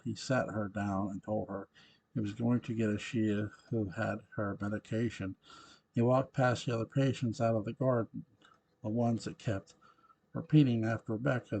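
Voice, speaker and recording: A man narrating a novel aloud in a steady, unhurried reading voice. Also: lowish voice, gravelly, breathy edge, poor audio.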